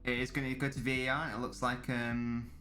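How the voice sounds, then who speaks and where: A man's voice: medium pitch, level tone, a little fast, bright, forceful tone, soft background music. A man hosting a live football watchalong stream, chatting casually with viewers and commentating on the match in a rambling way. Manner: rambling, chatty, many restarts, reads chat aloud.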